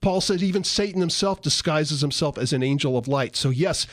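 A joking, folksy man with a slightly high voice explains scripture in casual talk. The recording is dry and close, with no room sound. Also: a little fast, fairly bright tone, dry recording. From San Diego, California. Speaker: Christian radio co-host. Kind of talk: casual Bible teaching chat.

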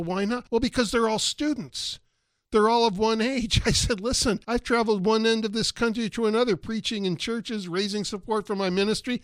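A middle-aged man teaching a sermon on a program, telling stories in a conversational, lively way with quoted back-and-forth. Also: high voice, no room sound, studio quality. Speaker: pastor and radio teacher.

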